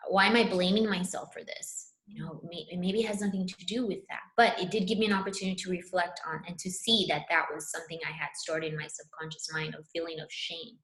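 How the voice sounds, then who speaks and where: A woman speaking as a spiritual counselor, telling a personal story in an earnest, animated way. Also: lowish voice, quick pace, few pauses, roomy sound. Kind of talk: casual conversation.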